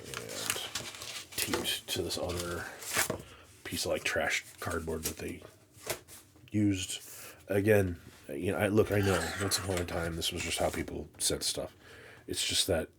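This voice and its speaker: Low-voiced man rambling through an unboxing. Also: gravelly, noisy background. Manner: rambling, halting, many restarts; exasperated, self-mocking. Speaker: comic collector vlogger. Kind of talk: casual unboxing chat.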